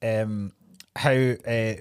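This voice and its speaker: Male comedian co-host, lively casual chat, laughs a lot. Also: lowish voice, extremely slow, smooth. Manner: giggly, animated, laughs often.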